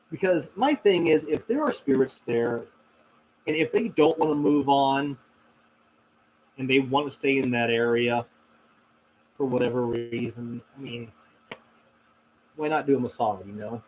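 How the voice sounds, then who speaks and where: A man's voice: medium pitch, lively intonation, normal speed, long pauses, darkish tone, slight background noise, rough recording. A man hosting a casual question-and-answer stream, talking in a reflective, rambling way with many fillers and restarts. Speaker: host answering viewer questions. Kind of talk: casual livestream Q&A.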